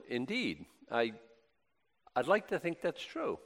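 A man's voice: mid-range voice, big pitch swings, measured pace, a bit bright. A man preaching a sermon in a chatty, self-deprecating way, with joking asides between scripture readings. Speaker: pastor.

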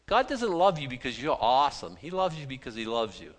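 A man's voice: medium pitch, sing-song, fairly quick. A male pastor preaching a sermon in a conversational, self-deprecating way, often restarting his sentences.

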